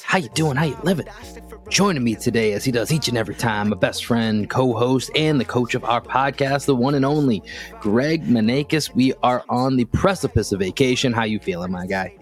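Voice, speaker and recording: A man's voice: medium pitch, brisk, soft background music. A man hosting a casual sports podcast, upbeat and chatty, talking loosely into a close mic. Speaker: podcast host.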